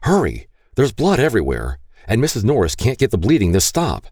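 A man's voice: sits low, wildly swooping pitch, drawn-out words, darkish tone, slightly rough, no echo, clean studio sound, full character voice. A man voicing a panicked chauffeur who talks in a frantic rush. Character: panicked blood-covered male chauffeur.

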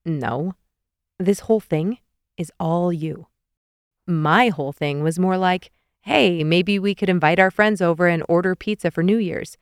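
A weary young man with a dry, teasing way of talking, as a woman narrator reads his lines. Her voice sits low and smooth, and it sounds close and dry. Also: measured pace, dry recording. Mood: mild exasperation.

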